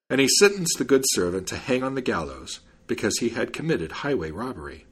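Expressive man reading a fairy tale. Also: mid-range voice, a little fast, few pauses, breathy edge. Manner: expressive and animated. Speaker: storyteller.

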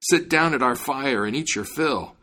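Bluster and bulk: man doing gruff storybook giants, low husky tone, lots of swing in the pitch. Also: lively intonation, normal speed, pushed and bright, full character voice. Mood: shouting. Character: three huge brutish male giants.

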